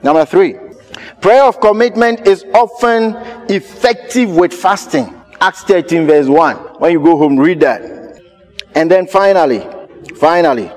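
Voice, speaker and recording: A pastor, preaching a sermon with emphatic repetition. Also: male voice, high-pitched, unhurried, long reverb tail, soft background music. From Ghana. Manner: emphatic, repeats key phrases.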